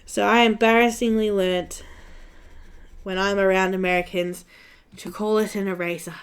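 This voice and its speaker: A woman's voice: mid-range voice, steady tone, normal speed, clear, resonant tone. A young Australian woman with an Australian accent chatting casually and telling a story, laughing often, while she colors on a live stream. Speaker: coloring channel host.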